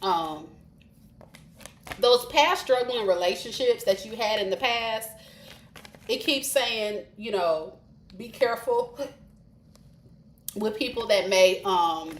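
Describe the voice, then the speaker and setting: A woman's voice: mid-range voice, expressive, slow, long pauses. A woman giving a live-streamed tarot reading, chatty and informal, talking straight to her viewers. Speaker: tarot reader. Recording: roomy echo with faint hiss.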